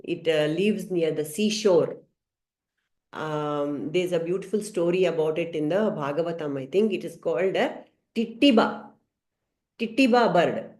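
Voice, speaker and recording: A woman teaching a scripture study class, telling a story gently with some hesitant fillers. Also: sits low. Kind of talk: storytelling lesson. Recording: roomy echo.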